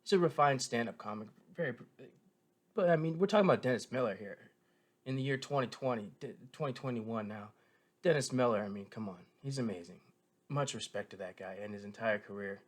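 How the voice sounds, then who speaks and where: A man's voice: mid-range voice, brisk. A man giving a casual, rambling spoken review, full of fillers, restarts and self-corrections, with a keen fan's tone. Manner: meandering, filler-heavy, frequent self-corrections; enthusiastic fan tone. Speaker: show reviewer.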